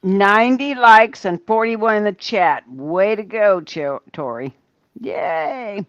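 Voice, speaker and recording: An older woman from Ohio, chatting slowly and telling stories on a casual livestream, greeting viewers from the chat. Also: medium pitch, fairly bright tone, no room sound, highs cut off. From Ohio, USA. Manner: slow, chatty storytelling. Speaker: livestream co-host reading chat.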